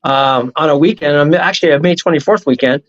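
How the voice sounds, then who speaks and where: A man speaking as a show guest, telling a long personal story in a rambling, animated way. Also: a little high, fast, muffled recording. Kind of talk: casual storytelling on a talk show.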